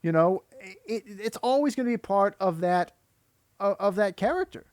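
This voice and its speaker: High-voiced exasperated man ranting. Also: lively intonation, moderate pace, a little mellow, no room sound, studio quality. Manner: exasperated, critical, rambling with many restarts. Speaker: YouTuber and voice actor. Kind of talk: commentary video rant.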